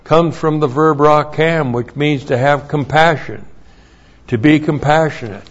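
A man preaching an expository Bible sermon, teaching slowly and deliberately with emphatic rises. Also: a little high. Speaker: pastor. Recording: dull lo-fi recording.

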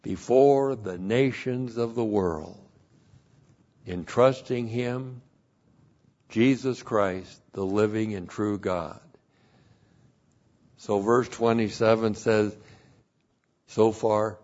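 A man works through a Bible passage verse by verse, stressing each point and repeating key phrases. He speaks at a slow, deliberate pace. The recording is dull and lo-fi. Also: lowish voice, darkish tone. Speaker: Bible teacher.

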